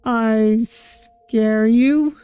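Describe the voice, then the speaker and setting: Woman voicing young male yandere captor, gentle, slow, pleading; game music faint behind. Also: a little high, clean tone, no echo. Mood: calm. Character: soft-spoken young male yandere kidnapper.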